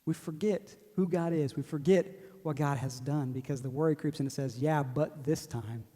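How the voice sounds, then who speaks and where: A man's voice: fairly high pitch, fairly even intonation, brisk, warm tone. A man, preaching a sermon in a joking, self-deprecating way and laughing often. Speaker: pastor. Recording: long hall reverb.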